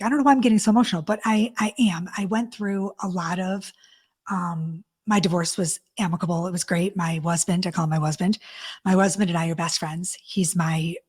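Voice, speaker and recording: Husky-voiced woman, candid and emotional. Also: lowish voice. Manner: open, emotional, casually swearing, many restarts. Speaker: relationship coach, guest. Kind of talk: candid interview conversation.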